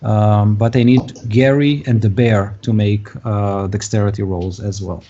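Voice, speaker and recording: Slow halting man running a tabletop game. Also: lowish voice, steady tone, mellow, a little hiss or hum. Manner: halting, full of uh fillers. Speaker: game master. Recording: dull lo-fi recording.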